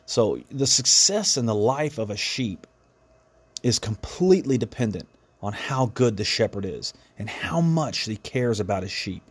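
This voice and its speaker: A man's voice: on the low side, expressive, unhurried, breathy edge. A man hosting a devotional podcast, speaking in an earnest, reflective way with frequent restarts. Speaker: podcast host.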